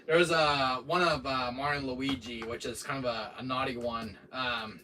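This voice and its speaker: A man's voice: mid-range voice, steady tone, normal speed, pushed and bright. A man hosting a casual livestream, rambling through jokes and game talk with frequent laughs and many fillers. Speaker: livestream host. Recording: distant mic with faint noise.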